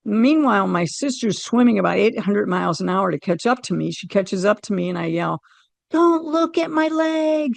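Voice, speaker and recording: A middle-aged woman from the United States, a podcast guest telling a personal story in an animated way and acting out her own quoted lines. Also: mid-range voice, brisk, vocal fry, few pauses, no echo. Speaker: interview guest.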